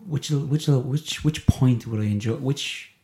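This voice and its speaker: A man with an Irish accent, co-hosting a casual podcast, chatty and quick to laugh, often trailing off mid-sentence. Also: mid-range voice, creaky, warm tone, a little hiss or hum. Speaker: podcast co-host.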